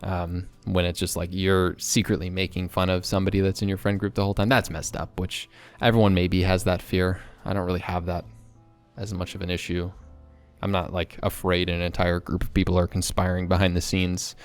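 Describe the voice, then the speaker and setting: Young man, low voice, excitable, rambling, candid vlog chat. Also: clean tone, faint music behind. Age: young adult. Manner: excitable, rambling, quick bursts. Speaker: vlogger.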